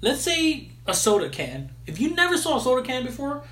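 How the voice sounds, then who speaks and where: Man, casual podcast host, lively swooping pitch, slangy, swearing, echoey room. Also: brisk. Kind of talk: casual film recap chat.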